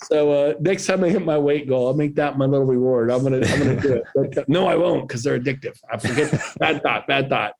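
Man, 50s, podcast guest, animated storyteller, mid-range voice, playful quoted voices. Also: mid-range voice, fast talker, creaky, hardly any pauses. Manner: animated, jokey storyteller who acts out quotes in other voices. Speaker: podcast guest, real estate agent.

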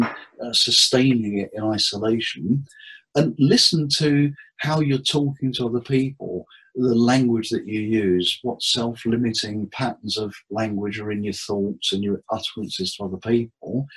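Husky-voiced man explaining therapy tips. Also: mid-range voice, normal speed, a bit bright, low-quality recording. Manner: jokey, anecdotal, acts out quotes. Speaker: therapist and hypnotherapist guest. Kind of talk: interview chat giving tips.

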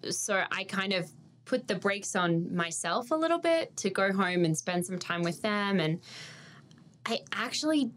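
A woman's voice: medium pitch, lively intonation, unhurried, a bit bright. A young Australian woman whose accent drifts toward American, chatting as a guest and telling stories with frequent laughs. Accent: Australian, partly Americanized. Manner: chatty storyteller, laughs often. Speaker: guest, stage performer. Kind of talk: casual interview chat.

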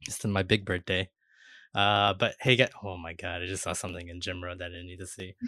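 A male podcast host with a lowish, forceful voice. He talks in loose, casual chat, tripping over repeated words and swearing freely. The sound is close and dry. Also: flat delivery, fairly quick, dry recording.

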